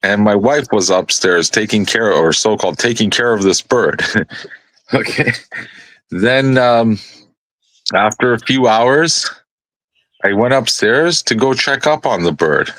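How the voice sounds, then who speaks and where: A man's voice: lowish voice, expressive, unhurried, pauses often, a bit bright, no echo. A man telling a rambling, profane story in a casual live panel chat.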